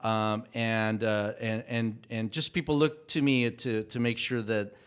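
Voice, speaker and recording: A man of Mexican heritage, a guest on a casual podcast interview, telling stories in a halting way with many restarts. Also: on the low side, fairly even intonation, clean tone. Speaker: guest, cultural consultant for an animated show.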